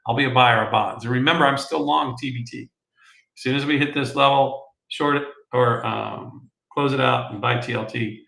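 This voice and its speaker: A man hosting a market show, talking through charts in a casual, animated way and calling his viewers folks. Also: medium pitch, moderate pace, creaky, roomy sound, rough recording. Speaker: market analyst host.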